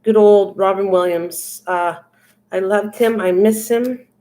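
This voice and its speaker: Chatting casually on her crafting livestream, an older woman reads viewers' comments aloud and responds to them. She takes it slowly, in a mellow, steady, mid-range voice.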